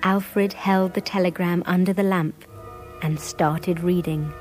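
A woman narrating a scripted story in a measured, clear storytelling manner. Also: on the low side, steady tone, faint music behind, rough recording.

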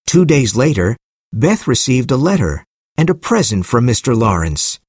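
A man narrating a simple storybook in a clear, measured reading voice. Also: medium pitch, very animated, no echo, studio quality.

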